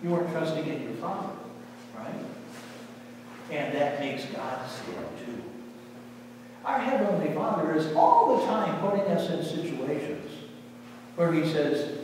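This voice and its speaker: A man gives a children's sermon in a fairly high voice, quizzing the children with quick questions and answering them himself. He is heard from across a big, reverberant church hall, with steady noise underneath. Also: recorded from a distance. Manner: closes in prayer. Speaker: pastor.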